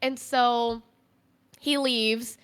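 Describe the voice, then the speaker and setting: A woman's voice: on the high side, steady tone, very slow, fairly bright tone, smooth. A young woman, a podcast guest, telling a candid personal story in a conversational way, full of "like" fillers.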